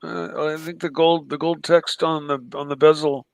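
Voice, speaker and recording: A man's voice: fairly high pitch, little pitch movement, moderate pace, gravelly, a crowd in the background. A man chatting on a livestream, hesitant, with lots of ums and restarts. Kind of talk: casual livestream chat.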